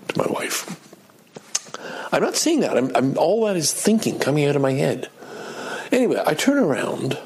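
Middle-aged guy with a gravelly raspy voice telling a story on himself, kinda high and all over the place. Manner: animated, self-deprecating, acts out his own angry outbursts. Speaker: vlogger telling a personal story. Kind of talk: casual spoken storytelling.

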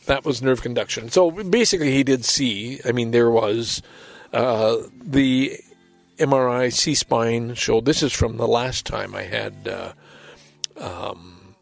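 Older male solo podcaster, seventies, gravelly mid-pitched voice, rambling and self-deprecating. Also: slow, no echo, soft background music. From Canada. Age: 70s. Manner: rambling, self-deprecating, reads aloud and comments with chuckles. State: walks with a walker. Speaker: podcast host. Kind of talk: casual solo monologue.

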